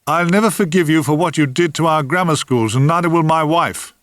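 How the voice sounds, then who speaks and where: A man's voice: on the high side, a little fast, a bit bright, no echo, pitched above the performer's own voice, close to an everyday voice. An older man reading aloud, voicing a respectable, stiffly indignant middle-aged man in a storybook reading. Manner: stiff, aggrieved, then formally polite.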